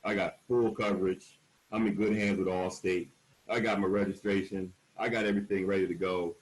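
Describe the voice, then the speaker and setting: A man in his forties speaks in a somewhat low voice as a panel speaker, telling his own story frankly. He leans hard on key words and slips into the voices of the people he quotes. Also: fairly even intonation, brisk, low-quality recording. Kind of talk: candid personal storytelling at a panel.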